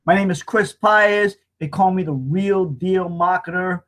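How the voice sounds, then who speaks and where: A man's voice: high voice, unhurried, fairly bright tone. A man in his fifties talking straight to his webcam, earnest and rambling, often repeating himself as he hosts a weekly online hangout. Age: 50s. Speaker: marketing hangout host. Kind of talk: casual heartfelt monologue.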